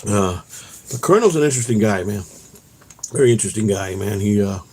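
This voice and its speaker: A man with a low-ish voice and lively intonation talks fairly quickly over a noisy background. Hosting his own vlog while out walking, he tells rambling, profane stories and tags his sentences with "man."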